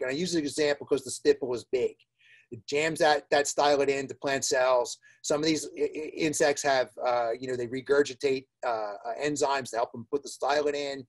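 A man giving an informal webinar lecture on plant problems, chatty, with many fillers, repeated words and laughing asides. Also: medium pitch. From New Jersey. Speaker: plant diagnostics lab director giving a webinar.

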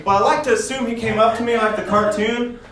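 A man's voice: sits high, steady tone, fast talker, reverberant, recorded from a distance, very noisy. A man doing a rambling stand-up comedy set in a club, laughing at his own jokes and dropping crude asides. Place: comedy club in front of a crowd.

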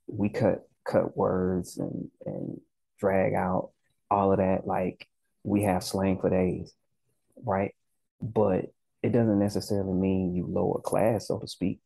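A man with a Southern US drawl chats to camera in an easygoing, slangy way, peppering his talk with "you know" and "right". His voice sits very low with a gravelly fry and a mellow, husky tone. The sound is close and dry. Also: little pitch movement, takes it slowly, no echo, low-quality recording. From Southern United States. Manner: laid-back, conversational, slangy, frequent "you know" and "right". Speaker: language-learning channel host. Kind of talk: casual vlog talk.

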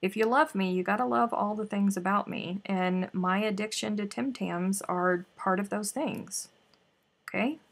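A woman's voice: medium pitch, unhurried, creaky. A woman hosting a live crochet stream, chatting casually and muttering to herself as she works. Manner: chatty, exclaiming, mutters to herself while working.

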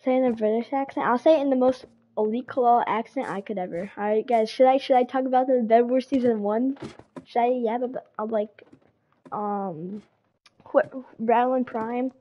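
A fairly high-voiced woman streaming live and chatting loosely with her chat. She talks in easy, repetitive bursts and greets viewers as they come in. A slight cold sits in her voice. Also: normal speed, highs cut off. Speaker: game streamer.

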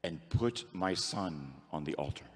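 A man's voice: low-pitched, expressive, a little slow, fairly bright tone. A male priest preaching a sermon, telling a story and leading the congregation in call-and-response prayer. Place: church. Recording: long church reverb.

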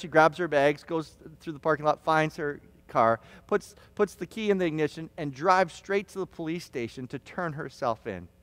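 A man preaching a sermon as pastor, telling stories with restarts and stammers, sometimes shouting quoted lines. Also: on the high side, dry recording, big-room sound. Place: church hall.

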